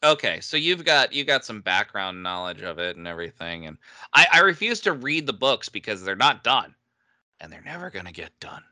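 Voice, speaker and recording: A man chatting casually as a co-host, upbeat and quick to laugh. His voice is strikingly bright and forceful, recorded dry and close with no room sound. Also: lowish voice, sing-song, no room sound. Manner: laughs often, chatty and enthusiastic. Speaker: podcast co-host. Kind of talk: casual chat.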